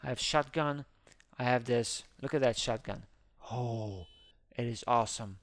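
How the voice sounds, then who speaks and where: Male gaming host, gravelly and slightly high, excitable live play-by-play, dry close-miked sound. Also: unhurried, no echo. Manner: excitable, narrates his own actions, squeals when scared. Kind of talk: live gameplay commentary.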